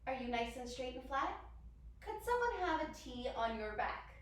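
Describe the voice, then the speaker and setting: Her high-pitched voice very animated and her pace moderate, a young yoga teacher bubbles with encouragement for the children, imitating animals as she goes. The mic sits far away in a room full of echo.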